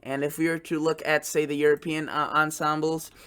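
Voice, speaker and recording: A man's voice: on the high side, flat delivery, fairly bright tone, clean tone. A man hosting his own weather channel, talking unscripted through forecast maps with plenty of fillers and restarts. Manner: halting, many fillers and restarts.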